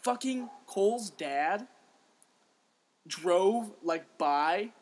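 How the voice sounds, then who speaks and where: Animated young man telling a story. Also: high voice, extremely slow. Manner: animated, swears freely, acts out quotes, laughs often. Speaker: podcast co-host. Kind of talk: casual storytelling chat.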